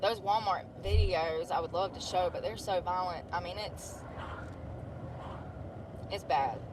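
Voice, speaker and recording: A woman's voice: fairly low pitch, measured pace. A woman in her thirties chatting casually on a vlog, blunt and rambling, swearing freely as she tells stories. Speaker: vlogger. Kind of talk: casual chat. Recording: noisy outdoor street ambience.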